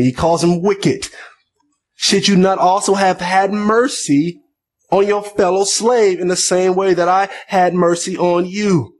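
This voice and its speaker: A man with a noticeably high voice preaches a sermon. He reads scripture aloud, then breaks into plain, conversational explanation, often repeating words and restarting his phrases. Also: a little mellow.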